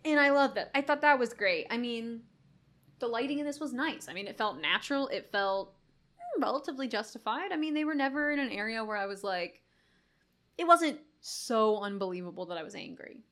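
Animated woman reviewing a film. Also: on the high side, brisk. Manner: animated, laughs often, acts out quotes. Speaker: podcast co-host. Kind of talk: casual movie review chat.

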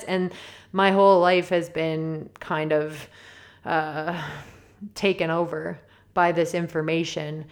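Woman, podcast host, lowish voice, bubbly and self-deprecating, rambles and giggles. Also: little pitch movement, slow pace. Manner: chatty and self-deprecating, laughs often and digresses; enthusiastic and upbeat. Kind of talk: casual solo podcast monologue.

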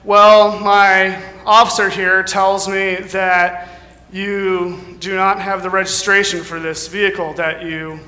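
American man as a courteous senior cop in a sermon joke, bright voice, churchy echo. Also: high voice, little pitch movement, slow pace, full character voice. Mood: polite. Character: polite senior male police officer. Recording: echoey hall reverb.

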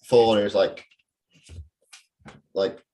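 A man's voice: on the low side, fairly even intonation, drawn-out words, mellow, slight background noise, low-quality recording. A man hosting a film podcast, talking casually and rambling with many fillers and restarts. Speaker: podcast host. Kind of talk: casual chat.

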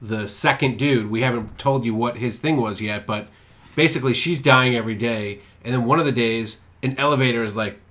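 An easygoing man on a podcast, talking loosely and a little rambling as he recaps a series. His pitch sits in the ordinary middle range for a man. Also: brisk, a bit bright. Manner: chatty, easygoing, talks through show plots. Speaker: podcast co-host. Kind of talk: casual podcast chat.

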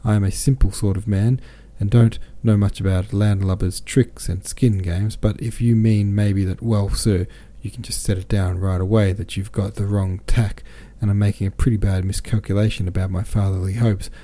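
A man doing a gruff, blunt old sea captain. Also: on the low side, fairly even intonation, normal speed, hardly any pauses, mellow, lightly acted. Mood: indignant. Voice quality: rough, scorched-throat voice. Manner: plain-spoken, blustering.

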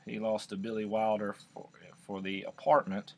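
Low-voiced man chatting casually. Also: flat delivery, normal speed, darkish tone. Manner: rambling, jokey, restarts often. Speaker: podcast co-host. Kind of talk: casual chat.

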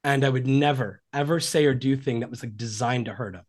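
On a podcast interview, a man in his forties who works as a relationship coach talks in a brisk, mid-range voice. He comes across as earnest and reflective, voicing quoted lines as he tells them.

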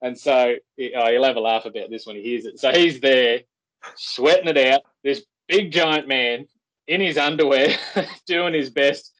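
An Australian man, a guest on a podcast, telling a rambling, animated story with frequent restarts. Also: medium pitch, moderate pace, poor audio.

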